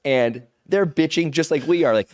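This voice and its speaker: A man telling stories as an interview guest, animated and rambling, acting out other people's lines in his own voice. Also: on the high side, moderate pace, dry recording, studio quality. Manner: rambling with restarts and "like". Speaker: guest, pro wrestler. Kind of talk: casual interview storytelling.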